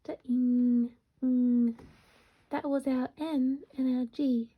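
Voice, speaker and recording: A woman teaching a phonics lesson to young children, slowly sounding out words syllable by syllable. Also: high voice, steady tone. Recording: dull lo-fi recording.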